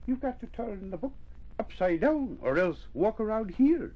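A man voicing a kindly, calm male friend in a storybook, patient and coaxing. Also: high voice, normal speed, dull audio, pitched above the performer's own voice.

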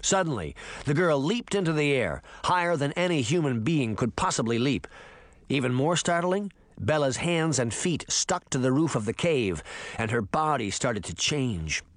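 A man narrating a fantasy audiobook in a dramatic, expressive reading style. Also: medium pitch, moderate pace, no room sound. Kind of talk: scripted narration.

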